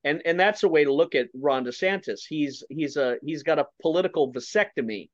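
Male pundit, fiery and repetitive, slightly higher voice, dry muffled remote audio. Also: brisk, no echo. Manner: forceful, repeats words, drops to low then rises. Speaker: political commentator guest. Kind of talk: opinionated political talk.

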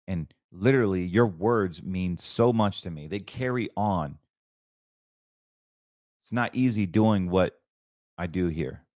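A man's voice: deep voice, takes it slowly, long pauses, darkish tone, no echo, studio quality. A man hosting his own show, talking about markets and faith in a fervent, preachy, rambling way with many restarts. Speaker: show host. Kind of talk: casual financial commentary.

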